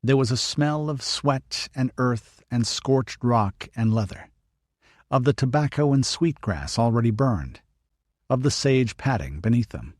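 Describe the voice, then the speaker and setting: Male audiobook narrator, steady storytelling, mid voice, dry booth sound. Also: mid-range voice, a little slow, dry recording. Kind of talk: scripted narration.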